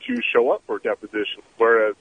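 A man calling in to a radio show, a private investigator telling a story in a halting way with many fillers. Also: fairly low pitch, very animated, slightly rough, dry recording. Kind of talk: phone-in storytelling. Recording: tinny phone line with faint noise.

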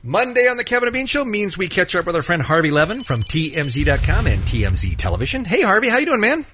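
A man hosting a morning radio show, teasing callers and guests with quick jokes. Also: high voice, very animated, background noise. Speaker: radio host.

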